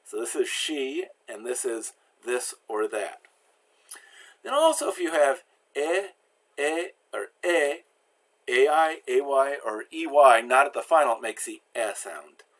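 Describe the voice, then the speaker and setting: A man giving a slow, patient pronunciation lesson, with frequent fillers and restarts. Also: mid-range voice, animated, fairly bright tone. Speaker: language teacher.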